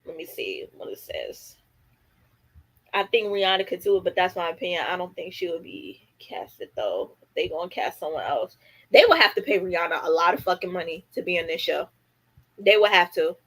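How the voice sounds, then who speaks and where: A woman's voice: on the low side, a little fast, a bit bright, husky, poor audio. A woman hosting a casual livestream, chatting with lots of fillers and reading viewer comments aloud. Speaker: livestream host.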